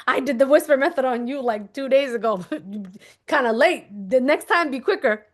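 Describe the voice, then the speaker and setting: Emphatic woman coaching, slightly high voice. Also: moderate pace. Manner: emphatic, repeats instructions, checks in with "okay?"; animated, acts out little scenes. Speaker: manifestation coach. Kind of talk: casual teaching monologue.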